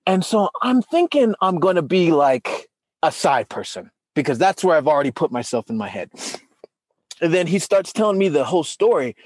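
Husky guy, kinda high voice, telling a story and acting out quotes, dry close sound. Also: moderate pace, no echo. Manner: animated storytelling, acts out quotes with big pitch jumps. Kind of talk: emotional casual chat.

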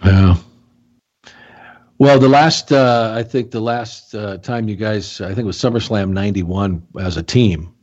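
A man's voice: lowish voice, measured pace, a little mellow, highs cut off. A man hosting an interview, asking long rambling questions with many restarts. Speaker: podcast host.

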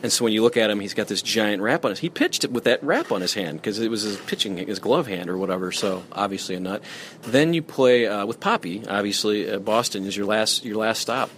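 Fast-talking low-voiced interviewer man. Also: fairly bright tone, slight background noise. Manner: rambling questions with filler and restarts. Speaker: broadcaster, interviewer. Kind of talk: conversational interview questions.

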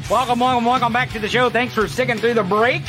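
A man hosting a casual political podcast, talking with energetic sarcasm. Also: very high voice, fast talker, music in the background. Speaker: podcast host.

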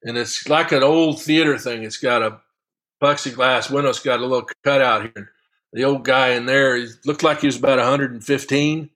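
A man tells a golf story as an interview guest, in a voice pitched squarely in the middle range. He talks in a relaxed, chatty way, chuckling now and then as he goes. The delivery stays loose and friendly, like an easy sit-down conversation. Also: moderate pace. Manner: lively, chuckling raconteur. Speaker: guest, long drive golfer. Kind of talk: casual storytelling anecdote.

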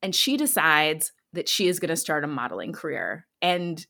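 Her voice is low, gravelly, and sharp, with big pitch swings at a normal speed. The thirtysomething podcast host recounts a true-crime story in a relaxed chat, laughing a lot and leaning heavily on "like" and other fillers.

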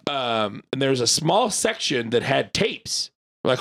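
A podcast co-host telling a long, rambling story in casual chat, full of "like" and the odd swear word. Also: male voice, medium pitch, very animated, a little slow, fairly bright tone.

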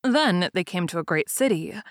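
Fairy-tale reader: woman, lowish voice, calm and even, dry close sound. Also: normal speed, no echo. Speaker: narrator. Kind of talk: fairy tale read-aloud.

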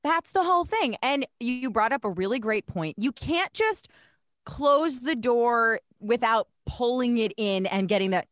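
Animated woman with a lively voice. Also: a little high, a little slow, no room sound, studio quality. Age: 30s. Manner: animated, exasperated storytelling. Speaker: podcast co-host. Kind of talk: casual chat.

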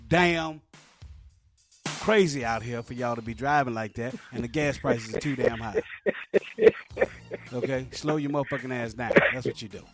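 A man co-hosting a casual call-in radio show, ranting with loud bursts and swearing freely. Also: medium pitch, moderate pace, pauses often, over music. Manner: animated ranting, swings between loud and soft. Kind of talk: casual profane radio banter.

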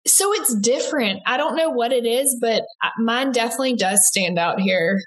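Young adult woman, Southern US accent, chatty and quick, casual interview guest. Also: fairly high pitch. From American South. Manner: chatty, quick-talking, many likes and restarts. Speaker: interview guest, aspiring broadcaster.

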